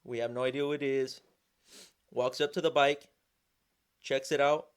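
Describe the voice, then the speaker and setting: Animated young man. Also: mid-range voice, normal speed, clear, resonant tone. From Southern California. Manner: animated, slangy, frequent restarts and repeated words. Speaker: vlogger, sponsored motorcycle rider. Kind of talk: casual storytelling.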